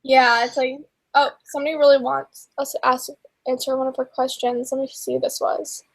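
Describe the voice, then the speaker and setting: Young woman co-host with a high voice, chatty and gushing, full of fillers. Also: level tone, brisk, vocal fry. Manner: gushing and chatty, many fillers, laughs often. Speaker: co-host of a book and TV chat livestream. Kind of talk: casual chat.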